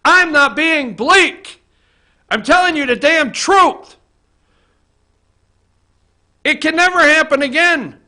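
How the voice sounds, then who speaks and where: A man hosting a political opinion show from an office, talking to the camera in a fired-up, profane rant and often shouting. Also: very high-pitched, slow, pauses often. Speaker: host. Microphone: facing camera.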